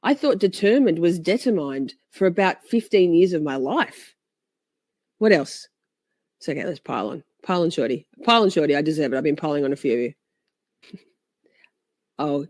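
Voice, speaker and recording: A woman with a low, expressive, darkish voice hosts a livestream about a trial, chatting casually with her live chat at a normal pace. She pauses often, plays at being offended, and laughs a lot, all on a dry recording.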